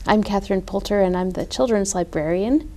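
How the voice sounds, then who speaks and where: A woman who works as a children's librarian, reading a picture book aloud in a gentle, expressive storytelling voice. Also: mid-range voice, fairly quick.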